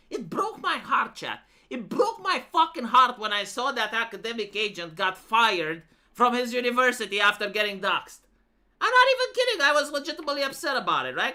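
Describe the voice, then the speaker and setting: A woman's voice: on the high side, sharp tone. A woman streamer giving casual reaction commentary, ranting and swearing as she talks to her chat. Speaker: live streamer reacting to videos.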